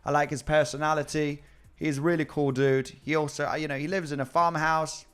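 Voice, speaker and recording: A man's voice: fairly high pitch, flat delivery, a little fast, a bit bright, smooth, faint music behind. A man hosting a casual live stream about crypto trading, chatting with viewers and often repeating his words.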